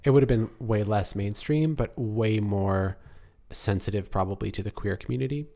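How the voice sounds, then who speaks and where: A man's voice: fairly low pitch, moderate pace, creaky, dark tone. A man co-hosting a casual chat about a film, talkative, laughing often and trailing off mid-sentence. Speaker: podcast co-host.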